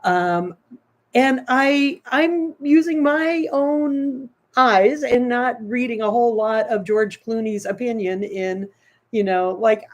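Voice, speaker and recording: A woman's voice: fairly high pitch, slow pace. A woman co-hosting a political talk show, arguing her side emphatically and repeating her point. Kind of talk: casual political debate.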